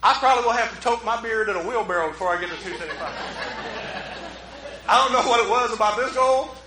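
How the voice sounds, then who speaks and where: High, bright-voiced joking pastor. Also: male voice, fast, a faint crowd, a little hiss or hum. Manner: joking, self-mocking, talks with the congregation. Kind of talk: conversational sermon. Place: church. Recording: roomy hall echo.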